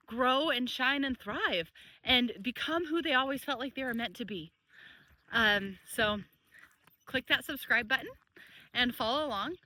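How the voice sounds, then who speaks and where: A woman's voice: on the high side, sharp tone, dry recording, poor audio. A woman in her thirties, a life coach, telling personal stories to camera in a chatty way, laughing easily and repeating phrases for emphasis. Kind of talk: casual storytelling to camera.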